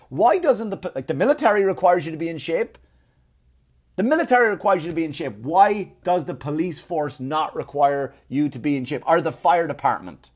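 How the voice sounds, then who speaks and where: A man delivering a profane comedic rant, animated and repetitive, often stumbling over his words. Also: on the high side, fairly quick. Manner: animated, profane, repeats himself. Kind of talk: ranting comedic monologue.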